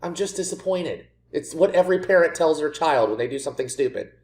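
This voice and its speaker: A gaming creator rants through a let's play of a football management game, sarcastic and exasperated, mocking himself and often blasting his own team. He talks a little fast in a fairly high, animated, slightly mellow voice.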